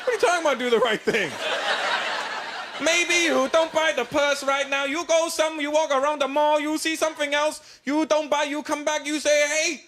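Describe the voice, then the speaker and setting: A comedian playing a stubborn male shopkeeper in a mall who speaks broken English and lectures slowly and insistently. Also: very high voice, steady tone, pitched above the performer's own voice. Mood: lecturing. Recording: live show with loud audience noise.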